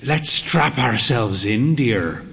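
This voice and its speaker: A man's voice: medium pitch, animated, slow, vocal fry, a bit bright, a little hiss or hum, exaggerated voice. A man voicing a thin, fey man in late middle age who banters in an arch, theatrical way.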